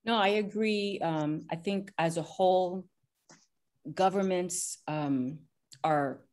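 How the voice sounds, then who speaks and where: Woman on a zoom panel, low-ish voice, lots of ums and restarts. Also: a little mellow. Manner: hesitant, many filler pauses. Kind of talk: panel discussion on a video call.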